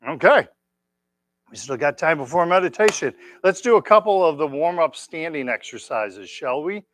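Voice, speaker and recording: A man teaching tai chi, calmly calling out each move and counting the steps for his class. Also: fairly high pitch, a little hiss or hum. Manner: calm, counting out moves slowly. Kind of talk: leading an exercise class. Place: exercise class room.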